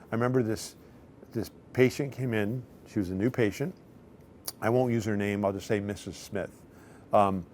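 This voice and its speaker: A middle-aged male chiropractor tells patient stories to the camera in a conversational way, now and then acting out their lines in quotes. His voice is on the low side with a darkish tone, and there's a little hiss or hum in the recording.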